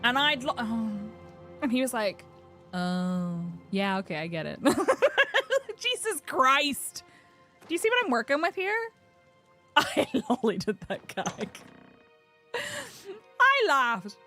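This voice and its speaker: A woman's voice: sits high, wildly swooping pitch, slow pace, pauses often, bright, forceful tone, soft background music. Giggly woman streamer chatting over gameplay. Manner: giggly, chatty, quotes lines back. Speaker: gaming streamer. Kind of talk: casual gameplay commentary.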